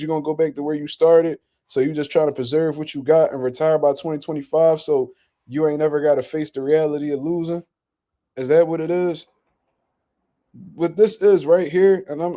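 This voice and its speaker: A man's voice: fairly high pitch, warm tone. A man hosting casual boxing reaction commentary, ranting in a blunt, profane, incredulous way.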